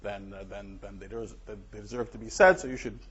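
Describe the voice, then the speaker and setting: A man giving an academic colloquium lecture in a hall with a clip-on mic, emphatic and energetic, often laughing at his own remarks. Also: fairly low pitch, fairly quick. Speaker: guest lecturer. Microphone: clip-on microphone. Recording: dull lo-fi lecture recording.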